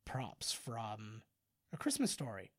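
A man's voice: lowish voice, slow pace, no echo, studio quality. A man from Canada co-hosting a podcast, chatting casually and animatedly, often laughing. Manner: animated, laughing, slips into mock accents. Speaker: podcast co-host. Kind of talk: casual chat.

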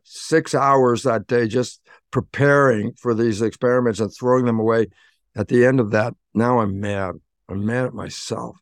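Animated male storyteller, dry close sound. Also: medium pitch, no room sound. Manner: animated, acts out inner voices. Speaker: guest, cellular biologist. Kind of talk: conversational storytelling.

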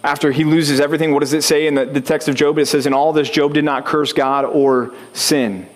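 A man's voice: a little high, fairly even intonation, a little fast. A man preaching a sermon as pastor, talking conversationally, putting questions to the congregation and building to rising intensity.

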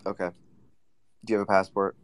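A man's voice: low voice, level tone, a little fast, no echo. A man hosting a casual group chat, joking and teasing guests, often mimicking them in a whiny voice. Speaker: host.

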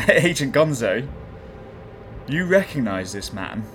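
A man's voice: medium pitch, very animated, slow pace, a bit bright, a little hiss or hum. A man narrating a tabletop game as game master, describing scenes with many small hesitations.

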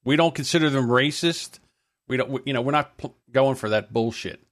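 A man's voice: medium pitch, a little fast. A man co-hosting a podcast in casual banter, blunt and swearing freely. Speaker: podcast co-host.

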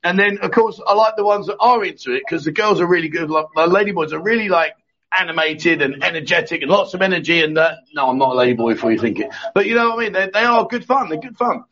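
A man's voice: on the high side, animated, fast, a bit bright. A man hosting a casual live chat show, reading out viewer comments and joking with his co-host. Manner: jokey, banters with co-host, frequent restarts. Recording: dull lo-fi stream audio.

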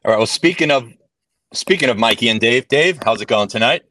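A man's voice: mid-range voice, lively intonation, a little fast, bright, forceful tone, dry recording. A man moderating a sports podcast, keeping his panel in line with an upbeat tone. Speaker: show moderator.

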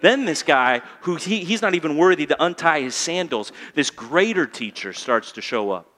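A male pastor delivers a sermon in a church sanctuary, his voice a touch higher than most men's and ringing with a long hall reverb. He climbs to loud, emphatic peaks and then falls to a low, intent hush. He keeps calling on the congregation to answer him back. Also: lively intonation, normal speed.

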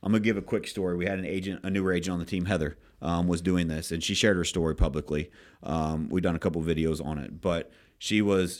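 A man hosting a podcast, coaching real estate agents in an energetic, emphatic way and acting out sales scripts. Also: low voice. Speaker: podcast host and real estate team leader. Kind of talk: casual coaching talk.

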